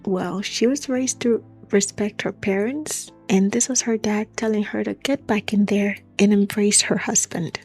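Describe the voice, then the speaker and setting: A woman's voice: mid-range voice, steady tone, unhurried, hardly any pauses, darkish tone, husky, soft background music. A woman telling a true story in a chatty, casual way, with asides to the listener.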